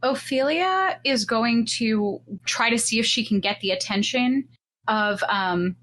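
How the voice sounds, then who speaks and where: A woman's voice: on the high side, unhurried, a bit bright. A woman playing in a tabletop game, talking in a hesitant, casual way. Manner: hesitant, giggly. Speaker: player.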